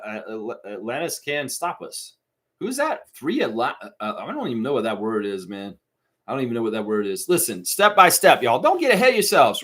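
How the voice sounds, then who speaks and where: A man hosting a live stream, chatting casually, reading viewer comments and breaking into mocking outbursts. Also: mid-range voice. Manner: animated, swings into mocking impressions and shouts; reads and answers viewer chat.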